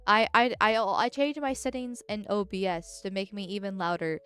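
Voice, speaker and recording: A woman's voice: mid-range voice, steady tone, moderate pace, fairly bright tone, clean tone, faint music behind. A woman streaming live in casual chat, talking bluntly and directly, with a stuffy nose.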